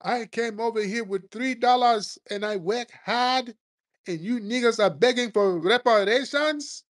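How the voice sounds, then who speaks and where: A man voicing a scornful immigrant man who lectures about hard work in a high, sneering voice. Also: measured pace, fairly bright tone. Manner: sneering, high-pitched mockery.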